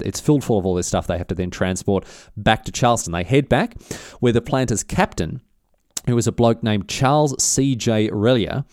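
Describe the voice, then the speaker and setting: A man's voice: medium pitch, a little mellow, dry recording, clean studio sound. A man who hosts a podcast and retells history in a rambling, matey, filler-heavy way with plenty of slang. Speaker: podcast host. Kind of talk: casual history storytelling.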